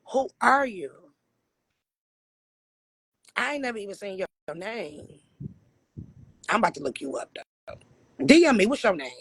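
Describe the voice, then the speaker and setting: A man from Michigan with a raspy voice hosts a casual livestream, answering viewers' questions bluntly with frequent swearing and laughter. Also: high voice, a bit bright, no echo. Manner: blunt, profane, laughs often. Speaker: livestream host.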